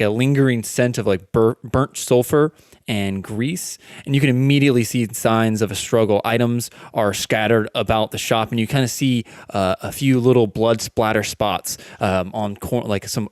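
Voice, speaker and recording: A man's voice: lowish voice, moderate pace, dry recording, clean studio sound. A man acting as dungeon master, narrating a tabletop game in a casual, filler-heavy way.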